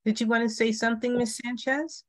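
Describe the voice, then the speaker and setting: A woman's voice: a little high, steady tone, a little fast, no room sound. A woman leading an online parent workshop, talking with many fillers and restarts. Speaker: workshop facilitator.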